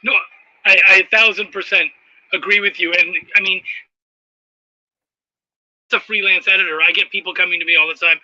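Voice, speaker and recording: A man's voice: high voice, fairly even intonation, fairly quick, long pauses, sharp tone, dry recording, lo-fi sound. A man hosting a casual interview, enthusiastic and profane, reading out viewer comments. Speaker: podcast host.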